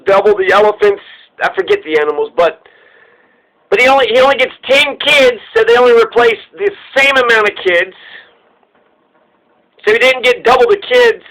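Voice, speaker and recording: A man's voice: very high-pitched, pushed and bright, low-quality recording. A man giving casual, irreverent commentary, ranting with plenty of profanity. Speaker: podcast host.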